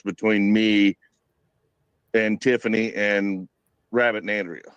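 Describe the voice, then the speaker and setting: A man's voice: on the low side, fairly even intonation, takes it slowly, fairly bright tone, clear, resonant tone, no room sound, highs cut off. A man telling his side of a story in a casual conversation, meandering and leaning on fillers. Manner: loose, meandering explanation with fillers.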